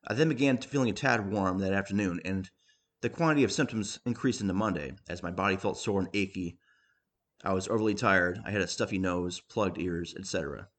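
Low-voiced man reading comic writing. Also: a little fast, fairly bright tone. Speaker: reader. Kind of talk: reading humorous writing aloud.

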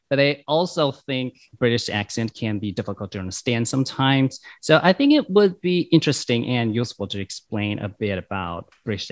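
A man hosting a podcast, explaining a topic in a measured way and asking interview questions. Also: mid-range voice. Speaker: podcast host.

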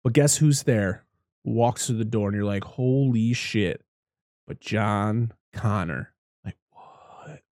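A man's voice: lowish voice, slow, darkish tone, no room sound, studio quality. A man in casual podcast chat, rambling through a movie recap, swearing freely and acting out the characters' lines.

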